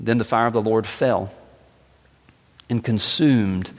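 A man reading scripture aloud in a measured, slow way with dramatic pauses. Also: on the low side. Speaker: scripture reader. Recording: long echoing reverb.

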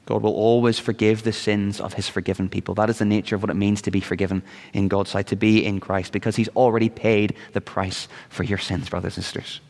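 A man's voice: fairly low pitch, little pitch movement, brisk, creaky, hardly any pauses, darkish tone. A man preaching a sermon as pastor, earnest and at times rising into urgent, pleading appeals. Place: church sanctuary. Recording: long reverb of a church hall.

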